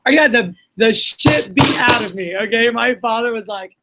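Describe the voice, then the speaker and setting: A woman's voice: a little high, normal speed, very noisy. A woman in her late twenties from Puerto Rico gives a candid, chatty talk at an event. She tells personal stories loosely, with plenty of fillers, and acts out what people said along the way. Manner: candid, animated storytelling with fillers and acted quotes. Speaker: speaker. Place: event hall.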